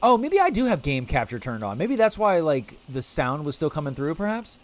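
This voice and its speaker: A man's voice: on the high side, very animated, brisk. A man streaming a video game, chatting with his viewers and talking playfully to the creatures on screen. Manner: playful, apologetic asides. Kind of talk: casual livestream commentary.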